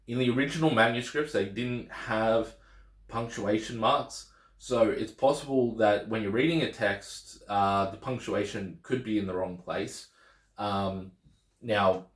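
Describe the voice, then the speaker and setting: A man explaining a language lesson as a teacher, relaxed and conversational, often restarting his sentences. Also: lowish voice, reverberant. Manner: relaxed, repeats words and restarts while explaining. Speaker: Greek teacher.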